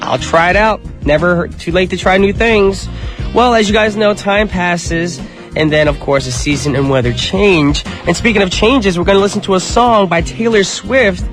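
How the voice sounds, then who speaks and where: A man's voice: sits high, moderate pace, music in the background. A man hosting a radio show in a chatty, upbeat style, his voice nasal from a cold. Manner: upbeat, chatty, addresses listeners as you guys. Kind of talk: casual radio DJ patter. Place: radio studio.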